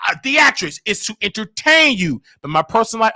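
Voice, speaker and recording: A man hosting a casual live show, talking in an animated, sing-song way that swings from loud outbursts to hushed asides, with a Southern US accent. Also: sits high, fairly quick, hardly any pauses, no room sound. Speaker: host. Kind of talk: casual livestream talk.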